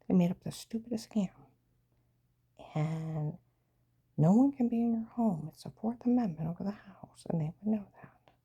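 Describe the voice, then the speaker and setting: A woman's voice: mid-range voice, moderate pace, mellow, breathy edge. A woman telling a rambling, agitated personal story, often dropping into a half whisper.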